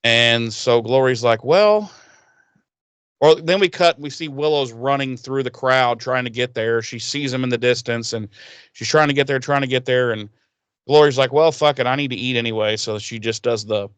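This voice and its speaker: A man with a smooth, medium-pitched voice co-hosts a podcast, recapping a TV episode at a moderate pace. The chat is casual and animated; he swears a lot and acts out the characters' lines. The recording is dry.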